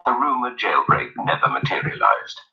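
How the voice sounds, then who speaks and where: A man narrating a documentary in a measured, dramatic scripted delivery. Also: mid-range voice, very animated, sharp tone. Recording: dull, from a distance.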